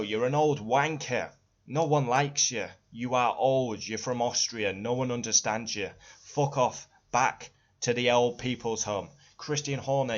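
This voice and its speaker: A man's voice: mid-range voice, fairly bright tone. A young man ranting angrily and profanely as a motorsport fan vlogger, hammering the same complaints over and over. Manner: furious, profane, repetitive outbursts. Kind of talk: angry ranting vlog. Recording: dull lo-fi audio.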